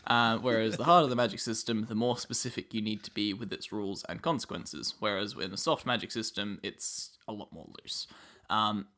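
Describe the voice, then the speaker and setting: Australian man with a lowish voice explaining. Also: steady tone, brisk, bright, forceful tone. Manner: explains at length with many ums. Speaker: podcast host. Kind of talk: casual explanatory chat.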